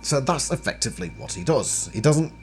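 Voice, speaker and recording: A man giving a casual book analysis and reading passages aloud, chatty and expressive. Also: mid-range voice, fairly quick, soft background music. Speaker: book series reviewer.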